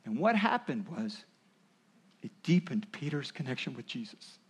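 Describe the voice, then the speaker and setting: A man's voice: mid-range voice, normal speed, slightly rough. A man preaching a sermon, explaining and acting out quoted voices as he goes. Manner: animated, acts out voices of parents and Jesus. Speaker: pastor.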